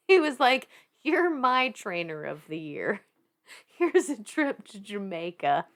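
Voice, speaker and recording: A woman in her thirties with a Southern twang tells her story on a podcast, her voice sitting at an ordinary middle pitch. She talks in an animated, loose way, laughing often and swearing without a second thought. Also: slow. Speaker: podcast guest.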